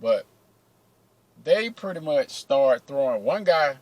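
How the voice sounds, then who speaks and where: Adult man vlogger, loose profane storytelling, fairly high-pitched, dry sound. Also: slow, no echo, rough recording. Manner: profane, animated, acts out quotes. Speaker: vlogger telling security stories. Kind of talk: casual storytelling.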